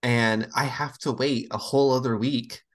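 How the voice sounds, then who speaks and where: A woman's voice: rumbling low, normal speed. A woman co-hosting a casual podcast, telling stories and acting out the voices of the people in them. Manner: animated storyteller, acts out quoted voices. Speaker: podcast co-host. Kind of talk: casual chat.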